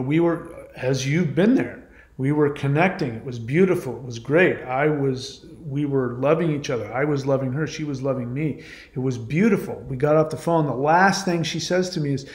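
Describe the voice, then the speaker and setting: A man's voice: medium pitch, normal speed, a little mellow. Emphatic man in an echoey room. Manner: emphatic, argumentative, repeats points. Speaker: channel host. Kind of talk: monologue responding to a viewer comment.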